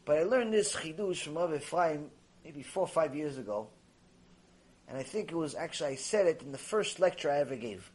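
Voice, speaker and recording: A man giving a Torah lecture, telling stories and acting out dialogue in a lively, conversational way, mixing in Hebrew terms. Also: a little high, fairly quick, slightly rough. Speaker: rabbi lecturer.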